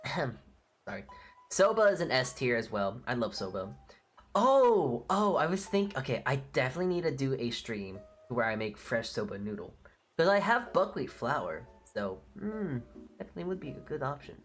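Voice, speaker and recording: A woman's voice: very deep voice, very animated, normal speed, slightly rough, soft background music. A woman streamer chatting casually on a live stream, blunt and opinionated, with casual swearing.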